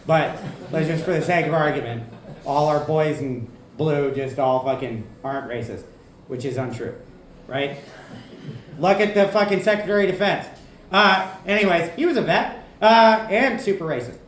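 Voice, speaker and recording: A man telling a stand-up story in a loose, profane, chatty way, throwing in "right?" again and again. His voice is fairly high. The room rings and there is a faint hum behind him. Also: normal speed. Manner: conversational, profane, keeps asking "right?". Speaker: stand-up comedian. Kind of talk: stand-up set. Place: comedy club. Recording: echoey club room.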